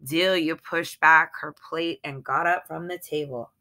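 Slow, bright-voiced woman reading aloud. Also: low-pitched, fairly even intonation. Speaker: reader. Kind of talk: storybook reading.

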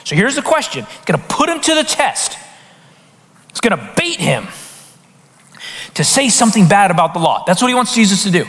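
A man preaching a conversational sermon as pastor, with lively rhetorical questions and frequent restarts. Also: high-pitched, brisk, pauses often. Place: church sanctuary. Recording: hall reverb in a church.

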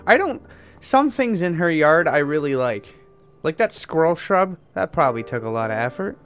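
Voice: mid-range voice, big pitch swings, normal speed. A person casually commenting on someone's video game play, giggly, rambling and playfully foul-mouthed over game music. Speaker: gamer watching and commenting.

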